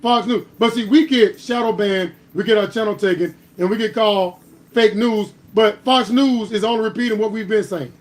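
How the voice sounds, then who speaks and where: At a normal speed, a host with a strikingly high voice runs a political commentary stream, arguing with emphatic heat that climbs into louder bursts, each point pinned down with a pointed "All right?"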